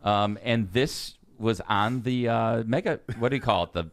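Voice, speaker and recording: A man's voice: medium pitch, moderate pace, no room sound. A man co-hosting a political podcast in casual chat, curious and full of questions. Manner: curious, asks many questions. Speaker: podcast co-host.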